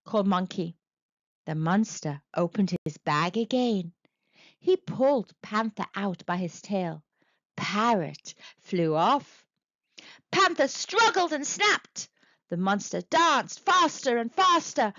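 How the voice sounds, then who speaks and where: Slow, lively woman reading a children's story. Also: medium pitch, no echo, muffled recording. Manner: slow, expressive, very animated reading. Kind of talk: children's book read-aloud.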